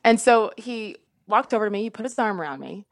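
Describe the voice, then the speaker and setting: Fast, animated woman telling a story. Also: medium pitch, dry recording. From Indiana, USA. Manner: animated, quick and laughing, with many restarts. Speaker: sportscaster guest. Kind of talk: casual storytelling on a podcast.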